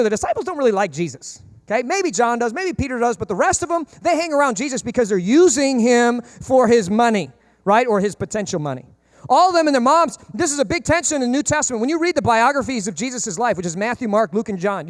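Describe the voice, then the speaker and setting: Animated high-voiced male pastor. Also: no echo, clean studio sound. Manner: animated, jokey, acts out biblical characters in high comic voices. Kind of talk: sermon.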